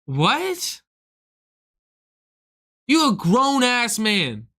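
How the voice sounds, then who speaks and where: A man's voice: high-pitched, animated, measured pace, pushed and bright. A young man, a comedian, in a casual, profane, heated rant to his stream viewers. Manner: profane, heated, swings into act-outs. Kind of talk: casual ranting monologue.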